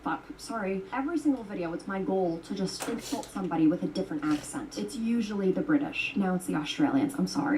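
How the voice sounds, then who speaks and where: A woman's voice: mid-range voice, sing-song, fairly quick, few pauses, a little mellow, far from the mic, slight background noise, poor audio. A woman recounting a story in casual vlog commentary, chatty and blunt, with frequent swearing and many uses of "like.". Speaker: storytime vlogger.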